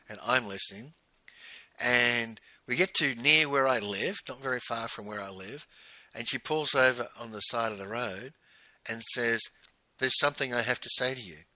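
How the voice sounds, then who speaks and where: A man's voice: mid-range voice, bright, forceful tone, no room sound, low-quality recording. A man telling a personal story in a conversational way, often quoting what was said. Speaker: host.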